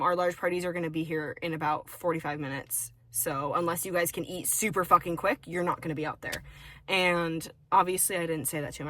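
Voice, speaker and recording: Profane, animated young woman storyteller. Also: on the low side. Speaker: podcast co-host. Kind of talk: casual chat.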